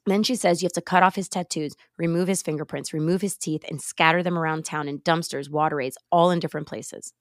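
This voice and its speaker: A young woman hosting a podcast from home, retelling a movie plot in a casual, animated way, with sighs and laughs. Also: low-pitched, fast, hardly any pauses, no echo, clean studio sound. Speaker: podcast host. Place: home, late at night. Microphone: remote call recording.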